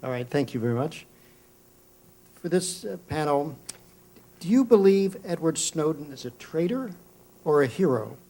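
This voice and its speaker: A male moderator with a somewhat high voice puts questions to a candidate panel. He is brisk and businesslike. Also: expressive, warm tone. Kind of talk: moderating a forum.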